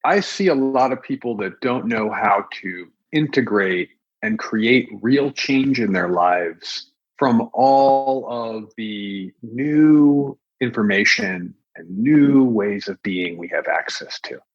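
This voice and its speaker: A man's voice: medium pitch, slow pace, husky, dull audio. A man in his late thirties, a podcast guest, speaking in an earnest, thoughtful way. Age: 30s. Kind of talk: reflective interview talk.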